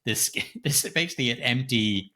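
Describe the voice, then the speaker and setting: A middle-aged man on a podcast, talking through a film's plot in a loose, rambling way with plenty of swearing and chuckles. His voice is bright and forceful, pitched in a middle register. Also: expressive, normal speed. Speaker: podcast co-host. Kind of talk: casual film review chat.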